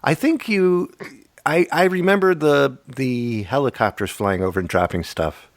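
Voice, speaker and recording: Jokey and quick to laugh, a podcast host in his fifties spins animated stories during a casual chat. His medium-pitched voice is creaky and his pace measured, with no echo on the recording.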